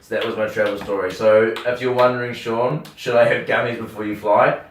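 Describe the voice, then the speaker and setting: New Zealand man telling a lively story. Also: lowish voice, a little fast. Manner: animated storyteller, swears freely, acts out dialogue. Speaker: radio host. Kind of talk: casual storytelling chat. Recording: roomy sound from a distant mic.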